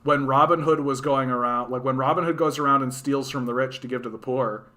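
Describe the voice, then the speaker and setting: A Canadian livestream host delivers a casual, profane rant, animated and mocking the voices he quotes. His bright voice is medium in pitch and brisk.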